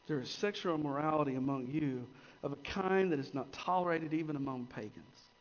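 A man preaching a sermon as pastor, swinging between emphatic rises and quiet, intense drops. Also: on the high side, fairly quick. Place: church sanctuary. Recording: long church reverb, dull lo-fi sound.

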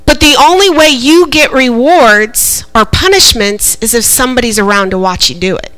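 A woman, preaching a sermon in an animated way, laughing often and calling for responses from the congregation. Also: on the high side, normal speed, poor audio.

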